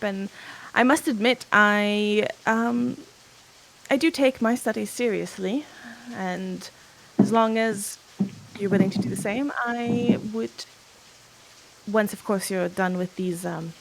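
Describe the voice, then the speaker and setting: A woman voicing a polite, studious scholar in a tabletop game, speaking in a formal, measured way. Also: medium pitch, gravelly, slight background noise, rough recording.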